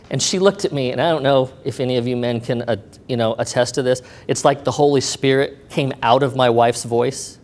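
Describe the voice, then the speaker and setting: A middle-aged man giving a personal testimony to an audience, telling his story in an animated way and acting out what people said to him. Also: medium pitch, fast. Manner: animated retelling, acting out quoted dialogue.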